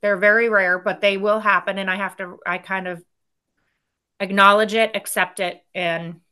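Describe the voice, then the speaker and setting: Bright, energetic woman executive guest. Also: mid-range voice, clear, resonant tone. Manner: energetic and candid, speaks in quick bursts that trail off. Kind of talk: casual interview talk.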